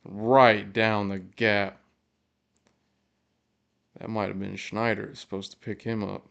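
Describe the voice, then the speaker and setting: Excitable man reacting live to football. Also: fairly low pitch, slow pace, gravelly, dull audio. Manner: excitable, swears, cheers and groans at plays. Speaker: fan podcast host. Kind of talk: live game reaction commentary. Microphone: podcast mic.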